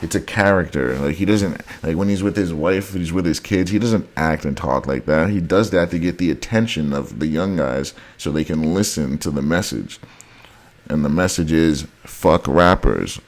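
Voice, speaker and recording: A man's voice: extremely low pitch, normal speed. A man vlogging a heated, repetitive rant straight to his viewers, often calling them guys. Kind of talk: ranting monologue to camera.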